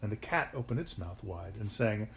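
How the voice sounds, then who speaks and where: A father reads a bedtime story aloud to his young daughter. His telling is expressive, with a gravelly texture and a lively, swooping melody. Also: lowish voice, moderate pace, background noise.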